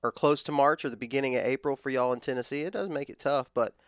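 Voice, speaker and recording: Upbeat male interview host, resonant clear voice, dry close recording. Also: mid-range voice, fast, dry recording. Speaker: podcast host. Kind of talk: casual interview.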